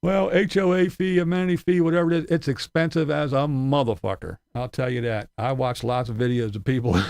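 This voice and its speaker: A man's voice: mid-range voice, steady tone, moderate pace, vocal fry, darkish tone, dry recording. A man ranting in profane, sarcastic commentary, laughing between his jabs. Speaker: commentary channel host.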